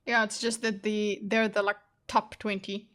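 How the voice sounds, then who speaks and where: A woman's voice: mid-range voice, little pitch movement, a little slow, fairly bright tone. A woman co-hosting a podcast readthrough, chatting casually about the story and laughing easily. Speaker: co-host of a book readthrough. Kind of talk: casual chat.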